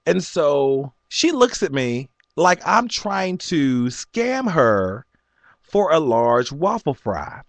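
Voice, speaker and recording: A man in his forties telling a story in an animated rant, laughing often and jumping up high when he quotes people. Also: slow pace, dry recording. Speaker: vlogger.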